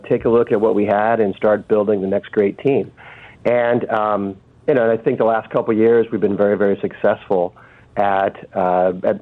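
A man calling in as a guest on a radio show, speaking haltingly with many fillers and restarts over a phone line. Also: on the low side.

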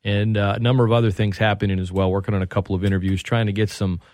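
A man's voice: lowish voice, level tone, racing, a little mellow, no echo. A man hosting a sports radio talk show, chatting loosely and reading plugs and promos for upcoming shows. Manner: conversational, reads station plugs and promos.

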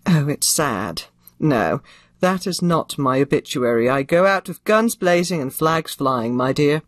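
An older woman, a retired audiobook narrator and actress, answering interview questions with crisp, theatrical phrasing. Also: low-pitched, expressive, measured pace, dry recording, clean studio sound.

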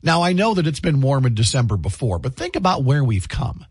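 Very animated and fairly quick, this man speaks in a mid-range, slightly rough voice while hosting morning radio. He's chatty and cheerful, sharing family stories between announcements, captured dry and at studio quality on a booth microphone.

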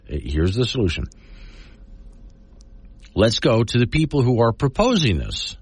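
A man's voice: on the low side, dry recording. A man hosting a talk show, giving folksy, argumentative commentary and reading news quotes aloud. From Wyoming. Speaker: talk radio host. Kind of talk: opinionated talk radio commentary.

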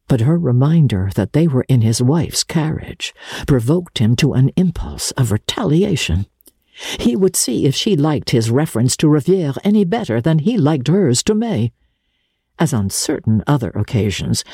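A narrator reading a classic novel aloud in a measured, even manner. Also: mid-range voice, slightly rough, no echo, studio quality. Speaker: audiobook narrator. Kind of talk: literary audiobook narration.

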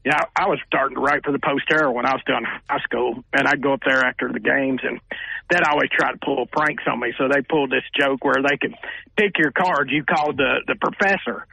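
An older man, a sportswriter telling animated stories as a radio guest and acting out what people said. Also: medium pitch, brisk, vocal fry, husky, dry recording, low-quality recording. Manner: animated storyteller who acts out quotes with raised voices. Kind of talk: radio interview storytelling.

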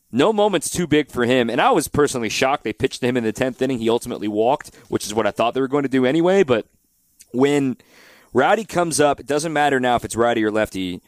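A man hosting a sports talk radio show, talking through a baseball game in a steady, direct way. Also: mid-range voice, no room sound. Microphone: studio microphone.

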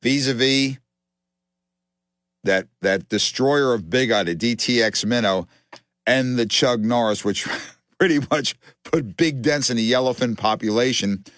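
A man hosting a fishing radio show, excitable and joking, with playful slang and frequent laughs. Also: medium pitch, measured pace, no room sound, clean studio sound.

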